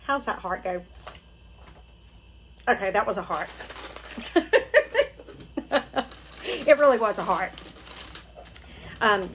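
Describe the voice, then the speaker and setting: A woman's voice: mid-range voice, a little hiss or hum, low-quality recording. A woman gushing through a casual unboxing vlog, gasping and repeating her delight. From Florida, USA. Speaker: craft channel host.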